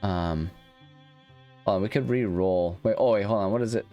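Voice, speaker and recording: A very low-voiced man talks casually through a video game, rambling and restarting as he thinks aloud. He is self-deprecating about his own choices, and faint guitar music plays underneath. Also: normal speed, dull audio. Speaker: let's-play host. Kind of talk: casual gameplay commentary.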